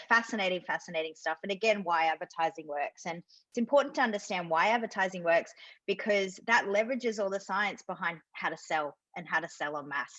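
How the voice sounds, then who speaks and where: A British woman speaks as a sales coach in a webinar. Her audio is dry and a little muffled. She explains with enthusiasm and quick asides. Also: on the low side, a bit bright, dry recording. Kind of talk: webinar conversation. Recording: dull lo-fi video call audio.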